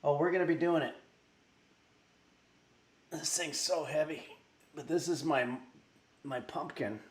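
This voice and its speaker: A man's voice: a little high, a little slow, slight background noise. Rambling man streaming from an echoey room. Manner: rambling, reads chat messages aloud with many fillers. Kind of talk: casual livestream chat. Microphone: desk microphone.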